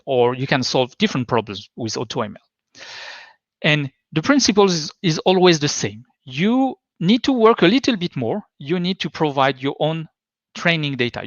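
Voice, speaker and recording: A man's voice: on the high side, fairly bright tone, no echo. A man giving a tech talk presentation, explaining in a hesitant, stop-start way. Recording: dull lo-fi dry sound.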